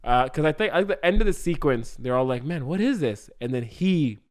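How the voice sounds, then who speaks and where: A man's voice: fairly high pitch, expressive, fairly quick, darkish tone. A man co-hosting a comedy podcast, casually improvising a scene and laughing often. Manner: casual, laughs often, acts out lines in goofy voices.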